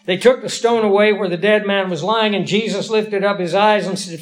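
A male preacher giving a sermon in a folksy, emphatic way, slowing down to stress key lines. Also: high voice, steady tone.

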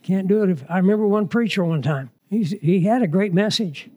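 A man's voice: high-pitched, a little fast, mellow. A man preaching a sermon in a conversational manner, mixing scripture reading with humorous asides.

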